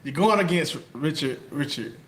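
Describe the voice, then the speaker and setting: A man's voice: fairly high pitch, expressive, normal speed, slight background noise. A man hosting a casual podcast interview, asking loose, rambling questions with fillers. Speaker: podcast host.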